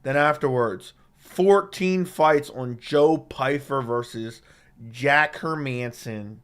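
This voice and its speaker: A man's voice: medium pitch, takes it slowly, fairly bright tone, smooth. A man with a sore throat chatting casually on a live stream and reading viewer comments, blunt and profane as he trash-talks with chat, into a studio microphone. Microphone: studio dynamic microphone.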